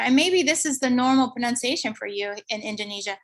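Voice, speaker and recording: A woman giving an online lecture, explaining slowly and thinking aloud with fillers. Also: fairly high pitch, animated, fairly bright tone.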